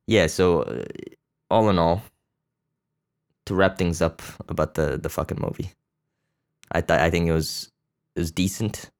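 A man's voice: low-pitched, takes it slowly, long pauses, clean tone. A man hosting a podcast, rambling bluntly and crudely about a movie, with lots of fillers and restarts. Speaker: podcast host. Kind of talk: casual profane movie chat.

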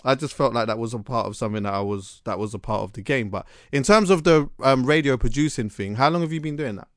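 A man's voice: mid-range voice, fast, dry recording, studio quality. A man, hosting a podcast and telling stories casually, full of slang and restarts. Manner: animated storyteller, London slang, lots of restarts. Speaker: podcast host. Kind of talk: casual chat.

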